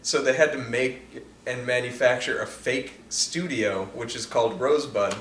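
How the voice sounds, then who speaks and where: An enthusiastic man hosts a casual movie commentary and leans on fillers as he talks. His voice sits at a middle pitch, picked up at a distance. The room adds a noticeable echo and a faint background hiss. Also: moderate pace, a bit bright. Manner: chatty, enthusiastic, heavy "like" filler. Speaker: podcast host.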